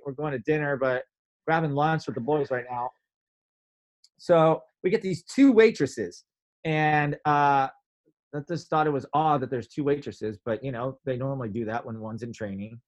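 A man telling a story in casual chat, animated, acting out his own quotes with big jumps in pitch. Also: normal speed.

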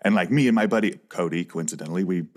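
A man co-hosting a comedy podcast, telling casual, rambling stories with animated retelling and plenty of swearing. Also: low-pitched, very fast. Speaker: podcast co-host.

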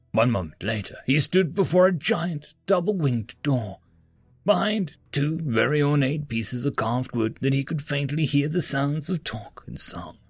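A man narrating science fiction and fantasy stories in an expressive reading. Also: medium pitch, creaky, breathy edge, dry recording. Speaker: story narrator. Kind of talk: scripted story narration.

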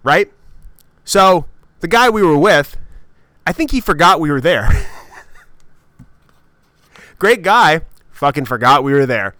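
A man hosting a podcast and telling a comedic story in an animated, profane, self-mocking way. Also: fairly high pitch, slow, pauses often, no echo. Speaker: podcast host.

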